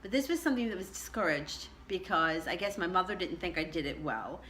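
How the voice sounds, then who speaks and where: Low-voiced woman with a bright, forceful edge. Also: animated, brisk, slight background noise. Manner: chatty and reflective, pitch rising sharply on emphasis. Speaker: tarot channel host. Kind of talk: casual personal storytelling.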